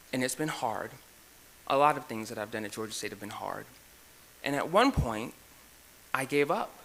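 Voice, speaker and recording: A man's voice: medium pitch, pushed and bright, a little hiss or hum. A young man, a student government president, giving an emotional, heartfelt speech at an awards ceremony, nervous and near tears, speaking in a repeating cadence. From United States. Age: young adult. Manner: heartfelt, repetitive cadence, laughs at own jokes. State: shaking with nerves, near tears. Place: university event room.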